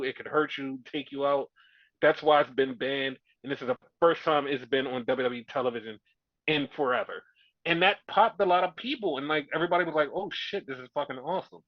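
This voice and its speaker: His voice runs on the high side, and the recording is dry, dull, and lo-fi. As a podcast co-host recapping a show, he chats in a rambling, profane way and acts out what others said.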